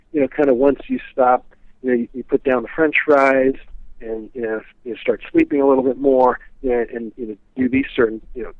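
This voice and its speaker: A man's voice: medium pitch, no echo. Male guest, casual rambling storyteller, heard over a thin phone line. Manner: rambling, many "you know" fillers. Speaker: guest speaker on a psychic's teachings.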